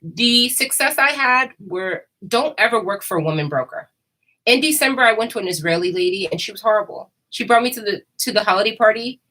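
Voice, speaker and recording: A woman's voice: mid-range voice, expressive, brisk, sharp tone, poor audio. A woman chatting casually and candidly, rambling and laughing often. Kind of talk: casual chat.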